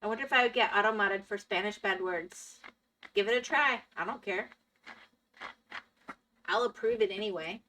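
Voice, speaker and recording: A woman's voice: mid-range voice, moderate pace, pauses often, pushed and bright. A woman live-streaming a game, chatting casually with her viewers and laughing often. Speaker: Minecraft streamer. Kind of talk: casual live-stream chat while gaming.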